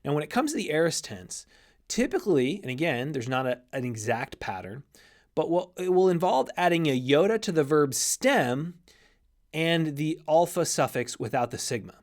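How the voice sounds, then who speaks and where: A man teaching a recorded grammar lesson in an explanatory way, often restarting phrases and spelling out letters slowly. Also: fairly high pitch, very animated. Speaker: Greek teacher.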